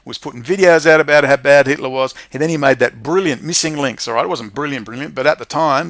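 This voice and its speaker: A man hosting a livestream, ranting profanely to his viewers and swinging between muttering and shouting. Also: fairly high pitch, dry recording. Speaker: livestream host.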